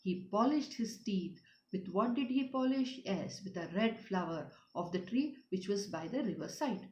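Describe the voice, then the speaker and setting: A woman's voice: medium pitch, animated, moderate pace, darkish tone. Woman teacher explaining to children. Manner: repetitive, questioning, often asks "children". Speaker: English teacher. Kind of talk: explaining a story to schoolchildren. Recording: roomy, dull lo-fi sound.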